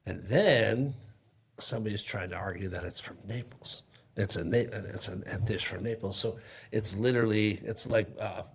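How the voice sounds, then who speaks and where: A man's voice: fairly low pitch, normal speed, creaky, breathy edge. A man who is a chef and restaurant owner, talking as a guest in a casual conversation and explaining dishes with enthusiasm.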